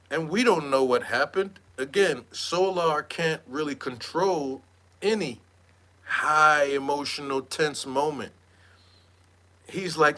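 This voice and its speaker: A man with a bright, forceful voice runs an animated gossip commentary, mocking and slangy. His pitch sits a bit high for a man. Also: takes it slowly. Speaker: online commentator.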